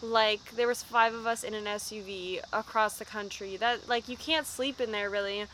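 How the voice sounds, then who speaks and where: A woman's voice: mid-range voice, normal speed, a little hiss or hum, poor audio. A young woman, a band vocalist, chatting casually in an interview and acting out the people in her stories. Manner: lively storyteller, acts out quotes.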